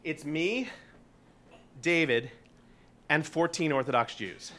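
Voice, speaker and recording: A man in his forties telling a funny personal story, animated and profane, often laughing. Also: on the high side. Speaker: guest storyteller.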